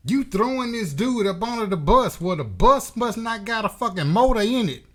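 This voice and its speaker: A man's voice: sits high, very animated, moderate pace, fairly bright tone. A man hosting a boxing commentary channel, delivering a blunt, profane, emphatic opinion rant.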